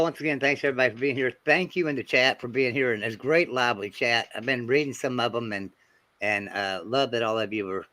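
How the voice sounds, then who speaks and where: A man's voice: medium pitch, bright, forceful tone, no echo. A man hosting a livestream, thanking viewers and guests in a friendly way. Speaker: livestream host. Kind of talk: host sign-off and thanks.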